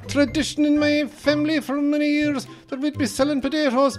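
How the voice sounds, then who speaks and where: A man putting on an exaggerated, high-pitched voice for naive, excitable stage-Irish rural villagers, with an Irish accent. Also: brisk, faint music behind. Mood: mock earnest. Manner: high, shrill parody voice.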